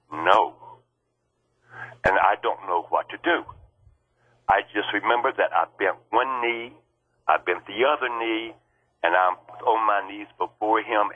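Guest on a phone line: low, husky man telling his story earnestly. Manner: earnest, acts out quoted lines in a raised voice. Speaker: guest recounting an experience.

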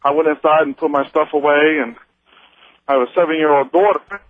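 A man from Missouri calling in to a radio show, telling a personal story in a halting way, with many fillers and restarts. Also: a little high, fairly even intonation. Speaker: radio caller. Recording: tinny phone line.

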